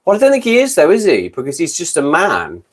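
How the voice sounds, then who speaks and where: A man's voice: fairly high pitch, wildly swooping pitch, fairly quick, husky. A British man in his fifties hosting a casual livestream chat, rambling and correcting himself as he goes. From Britain. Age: 50s. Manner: rambling, self-correcting, gabbling. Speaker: livestream host.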